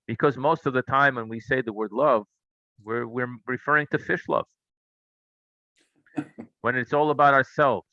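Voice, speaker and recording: A man's voice: mid-range voice, moderate pace, pauses often, no echo, muffled recording. A man teaching a Torah class, telling stories and asking rhetorical questions. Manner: animated storytelling, asks rhetorical questions.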